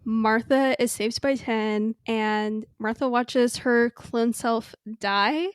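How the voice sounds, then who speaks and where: A woman's voice: fairly high pitch, steady tone, takes it slowly, smooth, dry recording, studio quality. A young woman co-hosting a podcast in casual chat, retelling scenes with enthusiasm. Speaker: podcast co-host.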